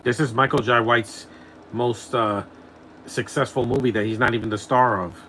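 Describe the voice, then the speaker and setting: A man's voice: mid-range voice, steady tone, moderate pace, bright, forceful tone, slight background noise, low-quality recording. Mocking man chuckling through movie commentary. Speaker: film commentator. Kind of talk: casual live movie commentary.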